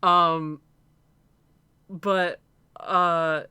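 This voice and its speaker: A man's voice: a little high, little pitch movement, extremely slow, sharp tone, clean tone, dry recording. A man co-hosting a stream, chatting casually, rambling with frequent laughter and swearing. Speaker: streamer co-host. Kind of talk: casual chat.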